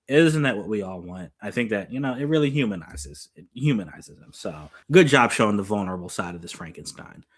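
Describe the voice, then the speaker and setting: A man with a fairly low voice gives a casual film review on his own channel. He is chatty and eager, and he peppers his thoughts with fillers like "like" and "you know". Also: a bit bright. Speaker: movie reviewer.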